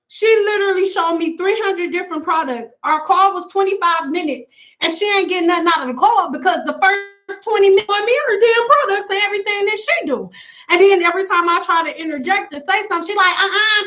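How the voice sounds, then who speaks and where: Blunt high-voiced woman streaming live. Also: sharp tone, highs cut off. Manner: blunt, frank, slangy. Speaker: natural hair stylist and consultant. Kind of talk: casual live stream chat with viewers.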